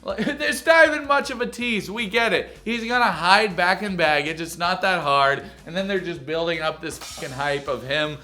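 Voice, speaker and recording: A man hosting a comedic reality TV recap, talking in an animated, crude, joking way. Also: sits high, moderate pace, hardly any pauses, faint music behind. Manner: animated, crude jokes, mocking impressions.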